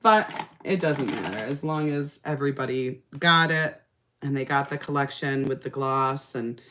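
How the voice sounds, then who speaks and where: A woman's voice: a bass voice, moderate pace, noisy background. Tired, chatty woman livestream host. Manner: chatty, laughs often, trails off in fillers. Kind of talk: casual livestream chat reading comments.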